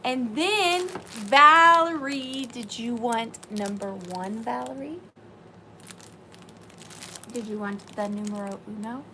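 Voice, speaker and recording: A woman hosts a live-stream sale in a chatty, excitable way. Her voice sits on the higher side, and she takes her time between bursts of talk. Faint noise hums behind her. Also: slow pace, poor audio. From Southern US. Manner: chatty and excitable, talks to viewers by name.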